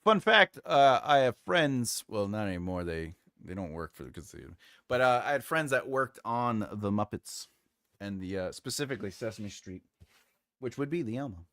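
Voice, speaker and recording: A man's voice: fairly low pitch, big pitch swings, normal speed, a bit bright, dry recording, studio quality. A male writing channel host in casual, playful livestream chat, laughing often and trying out cartoon voices.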